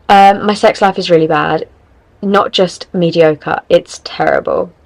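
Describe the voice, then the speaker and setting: A woman's voice: fairly low pitch, no echo, rough recording. A tired young woman hosting a podcast, giving frank, rambling advice in casual chat. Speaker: podcast host.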